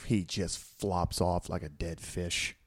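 A man co-hosting a podcast in casual chat, excitable and swearing freely as he recaps a wrestling match. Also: sits low, slow pace, no echo. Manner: excitable, swears freely, shouts quoted lines. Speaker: podcast co-host.

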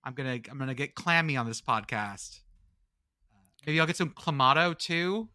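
Joking guy with a bright tense voice riffing on football, dry mic. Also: mid-range voice, expressive, moderate pace, dry recording. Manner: jokey, riffing, stumbles over words. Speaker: podcast co-host. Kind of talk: casual sports chat.

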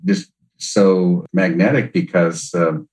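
Deep-voiced thoughtful man guest. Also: steady tone, takes it slowly, a little mellow, low-quality recording. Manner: thoughtful, hesitant, many "uh"s. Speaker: podcast guest, music producer. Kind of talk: casual interview chat.

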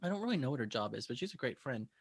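A woman's voice: a bass voice, sing-song, very fast, slightly rough, no room sound, clean studio sound. Rambling woman podcast co-host. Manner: rambling storyteller, acts out quoted dialogue. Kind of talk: casual chat.

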